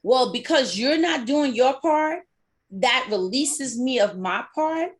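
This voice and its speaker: A woman co-hosting a casual talk, animated and quick to act out other people's reactions. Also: high voice. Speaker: podcast co-host. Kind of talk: casual chat.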